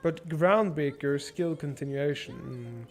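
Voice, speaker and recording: A young man streaming a strategy game, swearing and thinking out loud as he plans and shops. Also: on the high side, unhurried, faint music behind. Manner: profane, rambling, thinks out loud. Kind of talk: casual gameplay livestream commentary.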